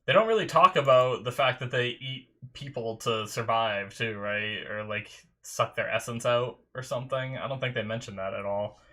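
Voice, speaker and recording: A man's voice: mid-range voice, normal speed, hardly any pauses, pushed and bright. A young man in his bedroom, chatting casually as an anime reaction host and rambling through a story with many restarts. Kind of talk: casual chat. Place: bedroom at home.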